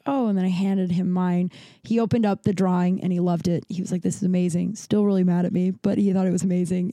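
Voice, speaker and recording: A woman's voice: medium pitch, warm tone, dry recording, studio quality. A woman in her thirties hosting a podcast, telling a personal story in a rambling, casual way with many fillers, self-corrections and swearing. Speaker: podcast host.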